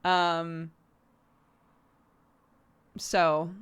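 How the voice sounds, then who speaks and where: A woman's voice: lowish voice, level tone, very slow, a bit bright, clear, resonant tone. A young woman from Oregon with a General American accent, chatting casually with viewers as a streamer and checking in with "right?" as she explains. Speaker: streamer host.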